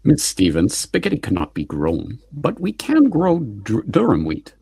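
A stiff, precise robot butler, played by a man in a storybook reading, politely correcting everyone. His voice is husky and gravelly, and it swoops widely up and down. The sound is dry and close. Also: mid-range voice, huge pitch swings, measured pace, mellow, dry recording, exaggerated voice. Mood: formal. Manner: stiff, exact and overly polite. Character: prim, formal male household robot butler. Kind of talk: audiobook character reading.

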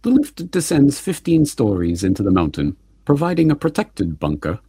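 A man's voice: mid-range voice, huge pitch swings, moderate pace, dark tone, breathy edge, dry recording, studio quality, full character voice. A man voicing a formal, exact and overly polite household robot butler in an audiobook. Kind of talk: audiobook character reading.

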